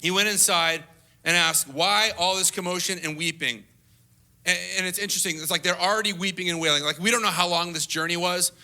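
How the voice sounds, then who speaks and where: A lead pastor preaching a sermon in a conversational way, acting out quotes in a higher voice and dropping to a soft hush at tender moments. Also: male voice, fairly even intonation, fairly quick. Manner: conversational, acts out quotes with rising pitch.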